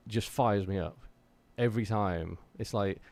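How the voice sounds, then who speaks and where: An English man talks to his live-stream chat in a slightly low voice. He rambles with plenty of fillers and restarts, but stays earnest and fired up as he urges listeners to keep pushing toward their creative goals. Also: unhurried, gravelly, darkish tone. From England.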